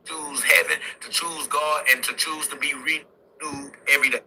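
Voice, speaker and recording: A young man preaches with fervor, his voice sharp and very bright, with a gravelly edge and a husky grain. He hammers home each point through repetition, speaking a little above the usual male pitch. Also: flat delivery, moderate pace, poor audio. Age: young adult. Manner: repetitive exhortations punctuated with "facts". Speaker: motivational speaker. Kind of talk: impassioned street-style preaching.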